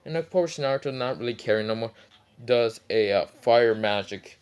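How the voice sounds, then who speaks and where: A man rambles through a fan story in a casual tone, full of fillers and restarts and the odd curse. His voice sits at an ordinary mid pitch. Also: lively intonation, normal speed, a little mellow, smooth. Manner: rambling, many fillers, swearing. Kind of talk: casual fan-fiction retelling.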